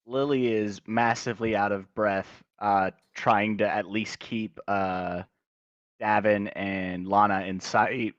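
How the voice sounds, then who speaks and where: A man's voice: fairly low pitch, steady tone, slow, dry recording, dull audio. A man playing a tabletop game, talking in a hesitant way with many fillers and restarts. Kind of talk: casual game chat.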